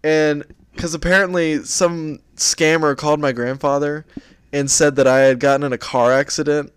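A man's voice: a little high, steady tone, normal speed, smooth, no room sound. A young man co-hosting a podcast in casual chat, rambling through stories and laughing as he goes. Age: young adult. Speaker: podcast co-host.

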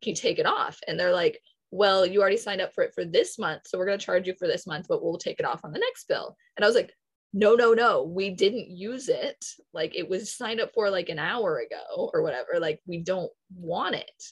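A woman's voice: on the low side, fairly quick, hardly any pauses, breathy edge, rough recording. A young woman telling a story in casual chat, quoting others as she goes.

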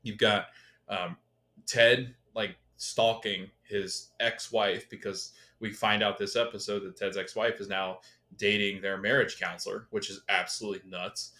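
A man's voice: on the low side, a little slow. A man co-hosting a podcast, eagerly retelling scenes from a TV episode and acting out the characters' lines. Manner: animated, retells scenes, acts out quotes. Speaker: podcast co-host. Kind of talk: casual chat recapping a TV episode.

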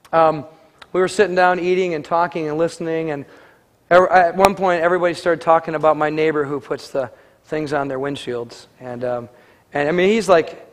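High-voiced man telling a sermon story. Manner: conversational, animated, acts out quoted dialogue. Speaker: pastor.

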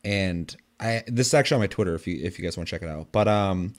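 A young man with a fairly low voice talks casually on a podcast. He rambles through his stories, swears freely and leans on filler words. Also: fast talker. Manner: rambling, profane storytelling with many fillers. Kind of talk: casual chat.

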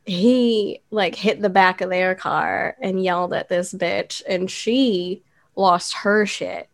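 A woman's voice: mid-range voice, fairly even intonation, takes it slowly, creaky. A woman in casual chat, blunt and matter-of-fact, swearing freely.

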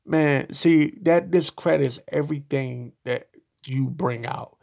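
A man giving blunt, profane solo commentary, slow and halting, with frequent restarts. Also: mid-range voice, creaky, darkish tone. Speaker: podcast commentator.

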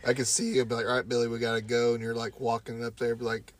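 A man's voice: mid-range voice, completely flat delivery, fast. A man co-hosting a casual podcast, joking crudely and swearing freely, often breaking into laughter. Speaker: podcast co-host.

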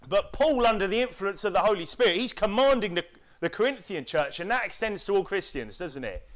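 Preacher from the UK, man with a high voice, forceful sermon, mocks complainers in whiny put-on voices. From United Kingdom. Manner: rhetorical, keeps asking tag questions; mimics whining voices to mock them.

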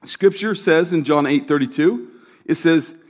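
A man's voice: fairly high pitch, a little slow. A middle-aged man preaching a sermon as a pastor, telling stories in a conversational way and asking the congregation for responses. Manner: conversational storytelling with asides; asks the crowd for responses.

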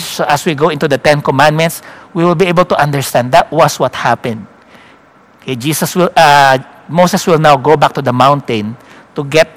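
A man preaching a Bible-teaching sermon. He tells the story slowly for emphasis and often checks in with his listeners with a quick "no?" or "okay?". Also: mid-range voice.

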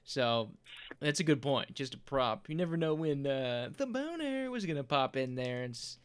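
Podcast co-host, male, smooth clear voice, loose rambling delivery with frequent laughs. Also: mid-range voice, animated, moderate pace. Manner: laughs often, rambling storyteller. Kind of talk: casual chat.

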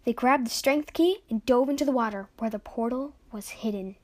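A woman with a fairly high voice narrates a serialized adventure story as a podcast's hostess. Her delivery is playful and lively. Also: moderate pace.

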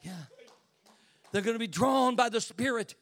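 An older man preaching an impassioned sermon as a bishop, dropping to hushed asides and rising to shouts. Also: very high-pitched, moderate pace, vocal fry.

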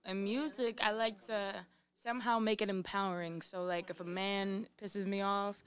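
A woman's voice: medium pitch, flat delivery, moderate pace, clear, resonant tone. A young adult woman talking casually as a guest musician, laid-back and slangy, swearing freely. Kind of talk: casual interview chat.

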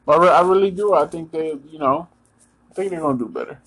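A man from the United States giving casual sports predictions, halting often with ums and restarts while talking straight to his listeners. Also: fairly high pitch, a bit bright, breathy edge, rough recording. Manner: Eagles fan, talks straight to listeners. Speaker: sports vlogger giving picks.

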